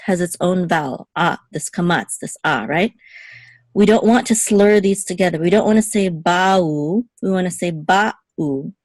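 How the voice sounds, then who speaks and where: A woman with a somewhat low voice leads a patient, step-by-step language lesson. She says each word slowly, repeats it to set the right way against the wrong one, and checks in with the listener often. The sound is dry and close, with no room around it. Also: a little mellow, no room sound. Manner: repeats words slowly to contrast pronunciations, frequent "okay?" checks. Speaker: Hebrew teacher.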